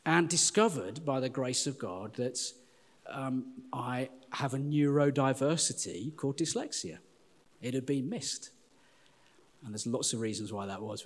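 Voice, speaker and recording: Middle-aged pastor in a reverberant church. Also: male voice, fairly high pitch. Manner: animated, addresses listeners as "folks". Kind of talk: sermon. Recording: long hall reverb.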